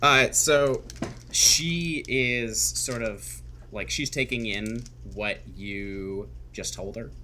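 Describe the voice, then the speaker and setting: A man narrating as game master of a tabletop game, talking in halting bursts full of fillers and restarts. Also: mid-range voice, bright, forceful tone, a little hiss or hum.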